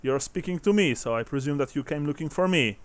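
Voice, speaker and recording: A man voicing a rough, tattooed working man in a tavern, blunt and swearing. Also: on the high side, animated, brisk, close to an everyday voice. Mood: gruff.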